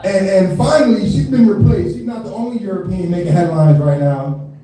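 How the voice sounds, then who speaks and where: Laid-back cussing comedian in a boomy room. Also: male voice, a little fast, crowd noise. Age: 30s. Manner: loose, profane, laughing, many filler tags. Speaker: stand-up comedian. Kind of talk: live stand-up set. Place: live comedy venue. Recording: echoey room from far off.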